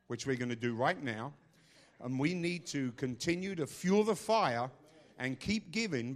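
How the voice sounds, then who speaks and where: An older man preaching a sermon in a forceful way, swinging between loud bursts and low asides.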